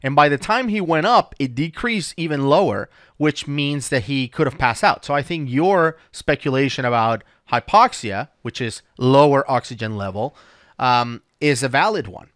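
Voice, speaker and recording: A man's voice: medium pitch, animated, moderate pace, fairly bright tone, no echo, studio quality. A man hosting a dive talk show, patiently explaining things step by step in a casual chat. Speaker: dive instructor and podcast host.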